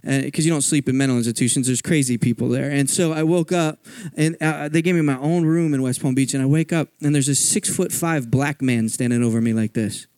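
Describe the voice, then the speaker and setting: A man's voice: mid-range voice, brisk, few pauses, a little mellow, dry recording. Man from Philadelphia, dry sound. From Philadelphia, USA. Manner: conversational storytelling with frequent asides. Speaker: guest speaker. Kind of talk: personal testimony sermon. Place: church.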